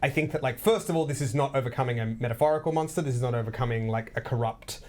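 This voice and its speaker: A low-pitched Australian woman talks through ideas in a loose, rambling way. She laughs often and fills gaps with ums and likes. A faint noise sits behind her voice. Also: quick pace, darkish tone. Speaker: podcast co-host leading game planning. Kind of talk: casual chat.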